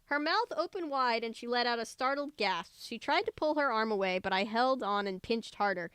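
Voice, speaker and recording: A woman's voice: a little high, moderate pace, clean tone, no echo. Woman reading a story aloud, dry close mic. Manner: lively dialogue voices, chatty joking asides. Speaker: reader of a book aloud.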